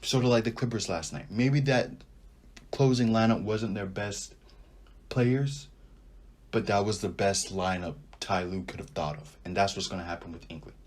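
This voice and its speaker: A man's voice: lowish voice, moderate pace. A young man hosting a casual sports podcast, giving opinionated takes and thinking aloud as he goes. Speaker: podcast host.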